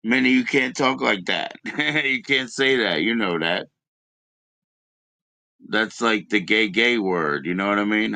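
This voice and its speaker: A man's voice: medium pitch, unhurried, sharp tone, dry recording. A man live-streaming in casual chat, teasing and chatty as he invites viewers to join him.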